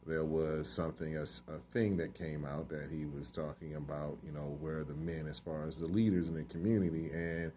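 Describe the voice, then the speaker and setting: Man, interview host, very low voice, casual, conversational, faint background noise. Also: little pitch movement, moderate pace, few pauses, warm tone. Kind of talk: interview questions.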